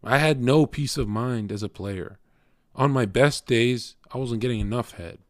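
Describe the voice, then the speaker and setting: A man's voice: mid-range voice, moderate pace, dry recording, clean studio sound. A young man streaming and lecturing his chat in a crude, cocky, swearing monologue. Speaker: livestreamer talking to chat. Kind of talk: casual blunt stream monologue.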